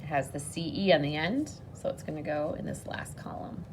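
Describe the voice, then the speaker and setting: A woman teaching a phonics lesson to children on video, patient and encouraging, speaking slowly and clearly. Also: low voice, animated, background noise.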